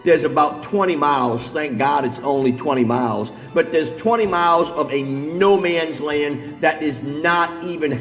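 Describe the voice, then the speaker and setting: A middle-aged man preaching a sermon, moving from calm talk to shouted, near-sung preaching. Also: on the high side, moderate pace, few pauses. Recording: long hall reverb, faint music behind.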